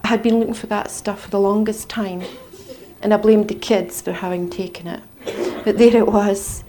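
A woman's voice: mid-range voice, steady tone, noisy background. Scottish woman recounting an intense experience. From Scotland. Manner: intense, halting storytelling that swings between hushed and raised. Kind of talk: personal testimony.

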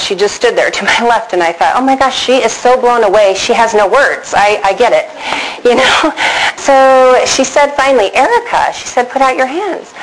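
A middle-aged woman telling a personal story to a live audience, animated and asking the audience questions. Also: mid-range voice, slight background noise, poor audio. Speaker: speaker addressing an audience.

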